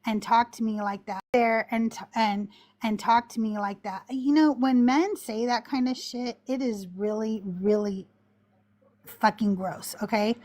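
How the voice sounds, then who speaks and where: A woman's voice: fairly high pitch, measured pace. Fiery, swearing woman podcast host. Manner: animated, interrupts, swears when angry. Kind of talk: heated debate chat.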